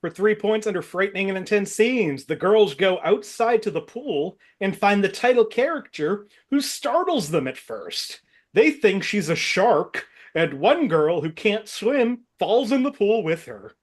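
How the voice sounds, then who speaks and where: A man's voice: high voice, very animated, a little slow. A man hosting an online movie quiz game, reading out clues steadily and laughing often with the players. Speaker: game show host.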